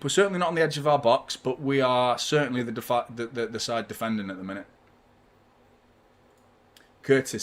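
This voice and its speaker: A man's voice: mid-range voice, fairly quick, pauses often. A man hosting a live football watchalong, giving chatty, partisan fan commentary and swearing freely.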